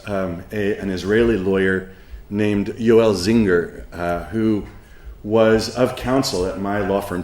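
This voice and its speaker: Slow, deep-voiced professor, halting. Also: male voice, reverberant. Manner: halting, with many ums and uhs; dry humor. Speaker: professor giving a conference talk. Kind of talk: spoken lecture with an anecdote.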